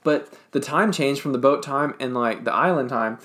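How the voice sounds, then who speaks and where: A man's voice: mid-range voice, normal speed, fairly bright tone. A man chatting casually with friends, rambling with lots of fillers and restarts. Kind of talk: casual chat.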